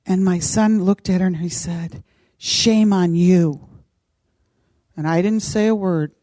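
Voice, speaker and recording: A middle-aged woman casually telling a personal story, animated and acting out what others said. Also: lowish voice, moderate pace, no echo. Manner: animated, acts out quoted voices. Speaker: podcast co-host.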